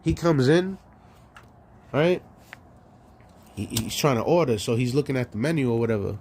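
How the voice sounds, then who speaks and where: A man's voice: mid-range voice, expressive, normal speed, darkish tone, slight background noise. A man from New York hosting a live stream, ranting profanely and telling stories, stammering through restarts. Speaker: solo live-stream host. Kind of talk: ranting monologue.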